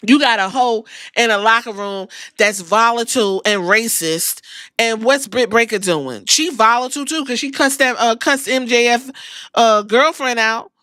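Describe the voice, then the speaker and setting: A woman hosting a podcast, ranting in casual commentary with an incredulous, profane, animated manner. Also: a little high, no room sound, studio quality. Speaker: podcast host.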